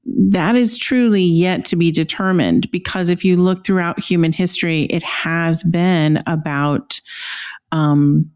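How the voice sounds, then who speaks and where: A woman co-hosting a podcast, warmly affirming her partner with frequent encouraging responses. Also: fairly low pitch, steady tone, unhurried, smooth. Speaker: podcast co-host. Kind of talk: casual podcast conversation.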